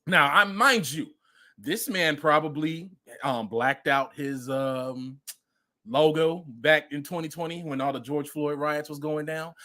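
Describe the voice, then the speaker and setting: A man's voice: on the high side, sharp tone. A man hosting a casual commentary show, speaking emphatically and repeating phrases for effect. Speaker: podcast host.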